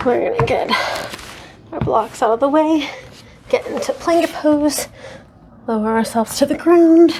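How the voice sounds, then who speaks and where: Slow, breathless woman guiding yoga. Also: high-pitched, mellow, slight background noise. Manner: chatty, self-deprecating, with sighs between cues. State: out of breath and sweaty. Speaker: yoga instructor. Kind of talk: casual guided yoga class.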